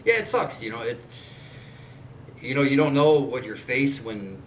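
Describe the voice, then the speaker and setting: Very animated but a little slow, a mid-range male voice hosts this podcast. The man, in his forties, chats casually in a blunt, loosely rambling way and swears a lot. A little hiss or hum sits in a roomy, distant recording with faint ambience.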